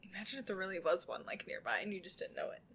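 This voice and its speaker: A young woman co-hosting a podcast in casual chat, reacting with quick exclamations and jokes and laughing easily. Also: mid-range voice, a bit bright, husky. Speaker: podcast co-host.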